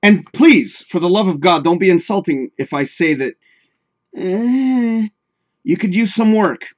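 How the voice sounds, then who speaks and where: A man's voice: high-pitched, lively intonation, a little slow. A man hosting a live talk show in casual, rambling chat, swearing freely and talking straight to his viewers.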